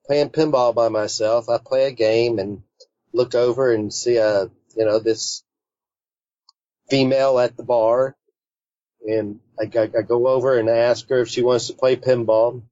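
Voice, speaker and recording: A man with a mellow, dark voice tells a personal story in a loose, rambling way, often circling back with fillers and restarts. The sound is dry and a little dull, with a lo-fi edge. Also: medium pitch, steady tone, unhurried, no echo. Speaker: interview guest. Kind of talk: casual storytelling.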